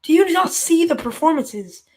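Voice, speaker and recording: A man's voice: extremely high pitch, animated, normal speed, darkish tone. A man calling in to a fan show, ranting in an exasperated way, his voice jumping up when he gets worked up. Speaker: caller.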